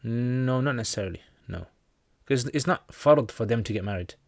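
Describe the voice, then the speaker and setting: A man's voice: medium pitch, expressive, moderate pace, vocal fry, darkish tone, no echo, clean studio sound. A man with a British accent who teaches Islam, casually answering viewer questions on a livestream in a chatty, joking way with many fillers.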